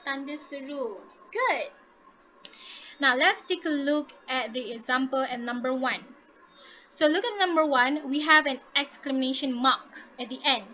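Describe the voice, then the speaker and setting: A woman's voice: high-pitched, bright, forceful tone, slight background noise, low-quality recording. A woman teaching English to a class over a video call, encouraging her students and modelling intonation aloud.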